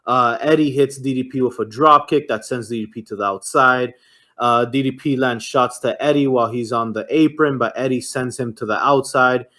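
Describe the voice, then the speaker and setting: A man's voice: mid-range voice, normal speed, pushed and bright. Casual young man recapping a wrestling match. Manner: rambling play-by-play with frequent fillers and cursing. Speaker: podcast co-host.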